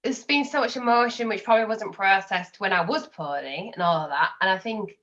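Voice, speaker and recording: A woman's voice: mid-range voice, a little fast, a bit bright, lo-fi sound. A woman, a podcast guest chatting openly and telling personal stories. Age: 20s. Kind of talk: casual chat.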